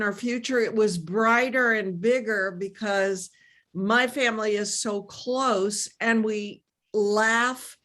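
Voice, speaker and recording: Slow-talking, candid woman student. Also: medium pitch. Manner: animated, candid. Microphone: video call.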